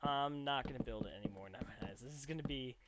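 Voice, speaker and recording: A young man hosts a let's play, chatting through his gameplay in a rambling, self-mocking way. His voice sits at an ordinary middle pitch. A steady hiss and mouse clicks sound behind him in a noisy home recording. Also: quick pace. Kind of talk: casual gameplay commentary.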